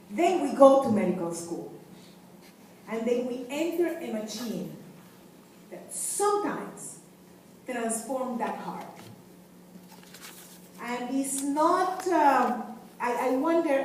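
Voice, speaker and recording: A woman's voice: high voice, animated, slow pace, long pauses, a little mellow. A woman in her fifties from Venezuela, giving a passionate, emphatic lecture to students and repeating her key phrases. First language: Spanish. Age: 50s. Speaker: guest lecturer, community health director. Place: university lecture hall. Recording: very echoey hall, distant mic, faint hiss.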